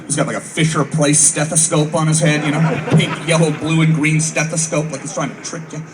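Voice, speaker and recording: A man's voice: fairly high pitch, level tone, fairly quick, over music. A man in his thirties doing a rambling stand-up comedy set for troops, acting out voices and swearing a lot. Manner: rambling storytelling, acts out voices, frequent swearing. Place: outdoor military base show. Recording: far-off mic, noisy open-air ambience.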